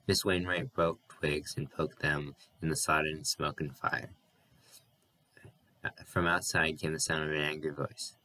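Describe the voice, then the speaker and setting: A man reading a novel aloud as an audiobook narrator, steady and even, with an occasional slip and restart. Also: a bass voice, a little slow, no echo, rough recording.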